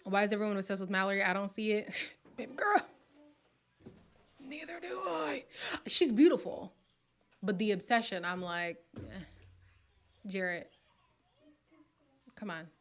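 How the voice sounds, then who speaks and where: A woman hosts a relaxed live stream from home. She chats in a playful, gossipy way, often laughs, and sometimes slips into a whisper. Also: mid-range voice, measured pace, long pauses, slight background noise. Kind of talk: casual live chat reacting to viewer comments.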